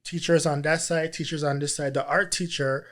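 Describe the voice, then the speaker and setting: A man with a slightly high voice recounts a personal experience in a sit-down interview. He talks in an earnest, halting way and often restarts his sentences. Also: little pitch movement, a bit bright. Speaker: teacher and guest.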